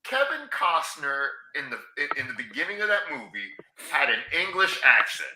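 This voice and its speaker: A man co-hosting a podcast, excitable and laughing a lot in casual chat. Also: a little high, normal speed, roomy sound, a little hiss or hum, poor audio. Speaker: podcast co-host.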